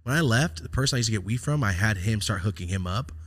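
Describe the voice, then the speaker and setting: A man with a somewhat low voice hosts a podcast and talks through a personal story in a loose, reflective way. He swears freely and trails off into fillers and restarts as he goes. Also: lively intonation, quick pace, fairly bright tone. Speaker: podcast host. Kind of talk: casual storytelling chat.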